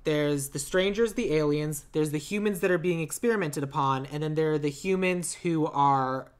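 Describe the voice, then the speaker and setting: A man co-hosting a casual movie podcast, rambling with lots of fillers and quick to laugh. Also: a little high, smooth. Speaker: podcast co-host.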